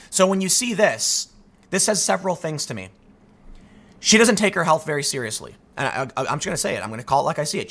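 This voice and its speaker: A man hosting a commentary show, ranting to his audience in an emphatic, animated way. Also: on the high side. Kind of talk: opinion rant to camera.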